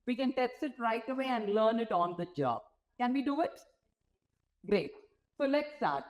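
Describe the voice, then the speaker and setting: This guest speaker, a woman with a fairly high, expressive voice, addresses nurses from a symposium stage at a measured pace. Her motivational talk is interactive, full of questions for the audience, though the audio is poor.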